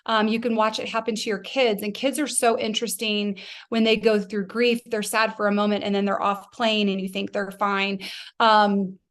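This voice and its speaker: A woman's voice: mid-range voice, little pitch movement, normal speed. Reflective woman sharing her story. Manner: soft-spoken, reflective, with many um and you know fillers. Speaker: guest. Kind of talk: personal testimony in a podcast interview.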